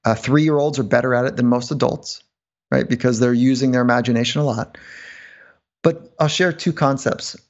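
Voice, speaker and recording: A man as a podcast guest, explaining mental rehearsal with rambling, animated stories and frequent laughs. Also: medium pitch, lo-fi sound. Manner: rambling, laughs often, quick asides. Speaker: podcast guest, performance psychologist. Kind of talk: animated interview storytelling.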